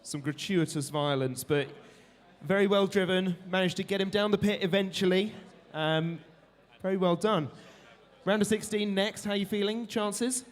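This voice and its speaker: A man's voice: sits high, normal speed. A man hosting the arena, interviewing robot drivers after fights and announcing winners with showman flair. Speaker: arena host. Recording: reverberant hall.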